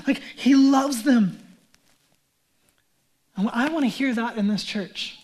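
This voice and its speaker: A male pastor giving a sermon in a conversational, animated way, with casual asides. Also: very high voice, slow pace, pauses often.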